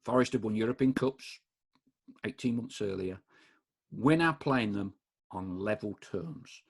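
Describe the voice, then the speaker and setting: A man's voice: fairly low pitch, unhurried, vocal fry, slightly rough. A man hosting a supporters' podcast, asking questions in an eager, enthusiastic way. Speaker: podcast host, club supporter. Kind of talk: casual interview.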